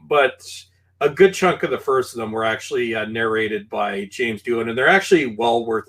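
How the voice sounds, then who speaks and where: A man from Canada with a Canadian accent, a podcast guest talking films in an animated, halting way full of fillers. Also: medium pitch. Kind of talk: casual film discussion.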